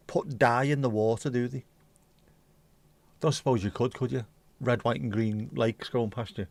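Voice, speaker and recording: With frequent pauses and some vocal fry, this Irish livestream host chats casually, reading viewer comments with blunt mockery and lots of swearing. His mid-range voice keeps a fairly even intonation at a normal speed.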